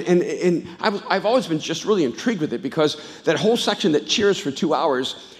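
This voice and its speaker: A man preaching a sermon as a pastor, telling stories in an animated way that swings from hushed to loud. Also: sits high. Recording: live church hall reverb.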